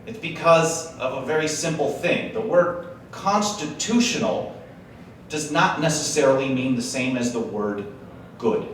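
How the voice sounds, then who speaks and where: A man's voice: medium pitch, steady tone, moderate pace, a bit bright. A man from Wisconsin addresses a conference crowd in a loose, humorous speaking style with slangy asides. His mid-range voice rings through a very reverberant hall, picked up from a distance. A faint hum of ambience sits under the speech. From Wisconsin, USA. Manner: chatty and joking, with slangy asides. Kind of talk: casual humorous speech to a live audience. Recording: echoey hall, mic heard from a distance.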